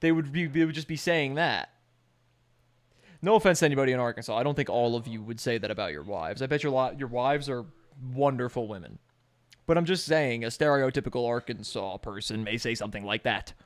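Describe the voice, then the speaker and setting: A man's voice: mid-range voice, brisk. A male streamer giving casual live reaction commentary, rambling, swearing and joking.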